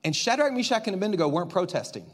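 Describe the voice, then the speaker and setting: Lively male pastor, sermon, high voice that leaps around, dramatic volume swings. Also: very fast.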